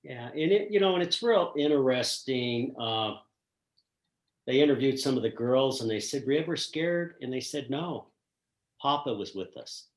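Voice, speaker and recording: An older man and retired school principal telling a personal story in an earnest, reflective way with frequent pauses. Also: medium pitch, lively intonation. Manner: earnest, reflective, pausing often. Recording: roomy echo.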